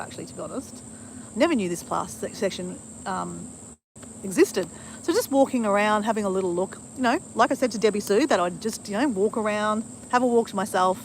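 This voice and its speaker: A woman's voice: mid-range voice, slight background noise, low-quality recording. A middle-aged woman talking casually to a live stream on her phone outdoors, rambling and adding "right?" often. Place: outdoors at a bushland cemetery.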